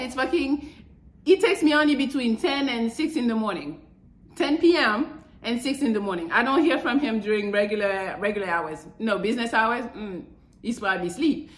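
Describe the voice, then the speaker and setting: Podcast host, female, blunt and profane, high-ish voice, roomy echo. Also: expressive, moderate pace, a bit bright. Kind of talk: casual advice monologue. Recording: echoey room.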